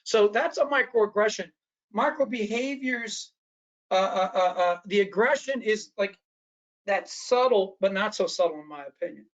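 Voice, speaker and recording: A man's voice: high-pitched, expressive, normal speed, muffled recording. A man presenting an online training workshop, talking conversationally and often checking in with his listeners.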